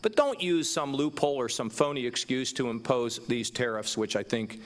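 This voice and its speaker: A man's voice: mid-range voice, moderate pace. A man in his sixties speaking passionately in an onstage conversation, emphatic and stumbling over repeated words. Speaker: governor. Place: stage before a live audience.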